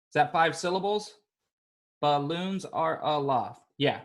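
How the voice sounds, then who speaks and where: With a voice on the high side and an animated delivery, a male elementary school teacher guides young children through syllables, pronouncing them slowly. He's encouraging and upbeat throughout.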